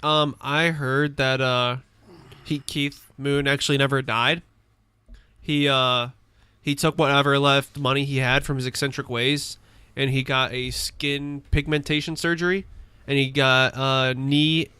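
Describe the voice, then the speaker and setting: Guy spinning dry absurd jokes on a podcast, smooth clear voice. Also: mid-range voice, level tone, a little slow, pushed and bright, dry recording. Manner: dry absurd joker, swears casually. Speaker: podcast co-host. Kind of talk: casual comedy podcast chat.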